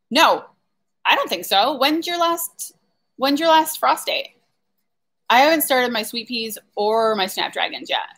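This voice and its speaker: A chatty woman hosts a casual live stream from home, talking into a laptop mic, her voice sitting a little higher than most. She rambles loosely, answers viewer comments aloud and laughs easily. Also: sharp tone. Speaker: flower farmer hosting a live stream.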